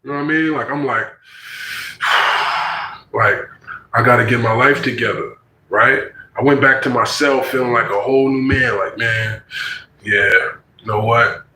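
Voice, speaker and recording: Man in his 40s telling a story, animated and slangy, bright voice, echoey room. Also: medium pitch, moderate pace, long pauses, slight background noise. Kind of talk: casual personal storytelling.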